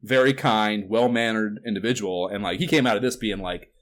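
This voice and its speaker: In a laid-back podcast conversation, this male co-host speaks briskly in a fairly low voice. His talk wanders, is full of swearing, and breaks into incredulous, animated outbursts.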